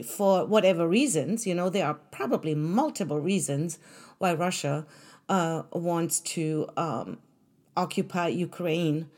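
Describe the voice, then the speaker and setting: A woman's voice: on the low side, unhurried, a little mellow. A woman hosting her own podcast, talking earnestly and conversationally to listeners, with fillers and restarts. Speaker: podcast host. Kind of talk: solo podcast monologue.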